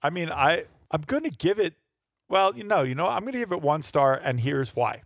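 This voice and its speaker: A man's voice: fairly high pitch, very animated, normal speed, vocal fry, a bit bright, no echo. A man co-hosting a podcast, chatting casually with dry teasing remarks. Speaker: podcast co-host. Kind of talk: casual chat.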